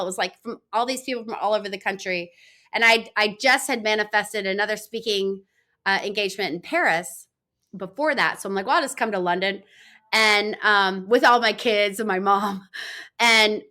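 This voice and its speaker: Woman, middle-aged, bright tense tone, chatty, filler-heavy podcast guest. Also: mid-range voice. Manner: energetic, rambling, filler-heavy. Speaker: guest, law firm founder. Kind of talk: conversational interview.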